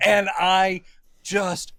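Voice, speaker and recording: A man's voice: sits high, drawn-out words, no echo. A man co-hosting a podcast, recapping a bad movie with laughter and quoted lines. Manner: animated storyteller, laughs often, acts out quotes. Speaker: podcast co-host. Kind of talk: casual comedic movie recap.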